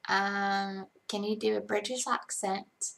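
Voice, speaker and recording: A young woman casually answering chat questions on a live stream, hesitant, with frequent ums and pauses. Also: medium pitch, fairly even intonation, vocal fry, a bit bright.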